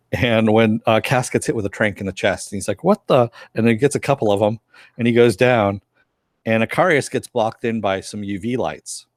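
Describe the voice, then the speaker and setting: A man's voice: on the low side, steady tone, normal speed, no echo, studio quality. A man co-hosting a casual review chat, retelling scenes and acting out lines. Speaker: podcast co-host reviewing a TV episode.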